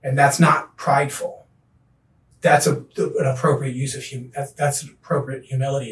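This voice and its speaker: A middle-aged man, a podcast guest, telling his recovery story in an earnest, animated way. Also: medium pitch, a little fast, distant mic, a little hiss or hum. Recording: echoey room, voice off-mic.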